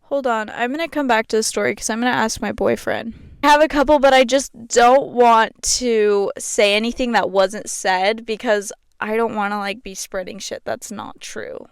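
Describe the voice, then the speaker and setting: A young woman talking casually into her podcast mic, her voice a touch high, smooth and clear. She rambles in a chatty way, with "like" scattered all through her sentences, and the sound is dry and close. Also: fairly even intonation, normal speed, no room sound. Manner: chatty, fills speech with "like". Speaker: podcast host. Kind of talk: casual chat.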